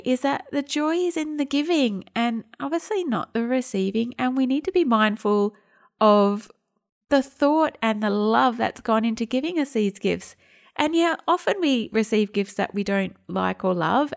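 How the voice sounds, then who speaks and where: A woman podcast host in her thirties tells a personal story in a relaxed, chatty way. Her voice sits a little high and has a gravelly, fried edge. She slips into the voices of the people she quotes. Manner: chatty, acts out quoted dialogue. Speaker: podcast host and home detox teacher.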